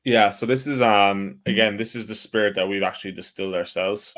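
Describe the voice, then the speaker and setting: A man's voice: on the low side, a little fast, a bit bright. An Irish man from Ireland, a distillery guest talking casually and hesitantly with many fillers and restarts. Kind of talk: casual interview chat.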